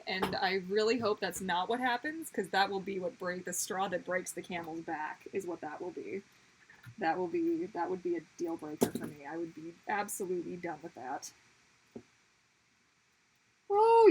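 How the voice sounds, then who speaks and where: A woman's voice: fairly low pitch, normal speed, slight background noise, rough recording. A woman chatting casually to viewers while drawing on a livestream, chatty and exclamatory. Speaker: livestreaming artist.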